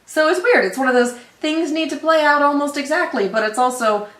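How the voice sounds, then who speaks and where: A woman co-hosting a casual reaction chat, expressive and giggly. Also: high-pitched, brisk, roomy sound. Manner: expressive, giggly, acts out quotes. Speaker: reaction channel co-host.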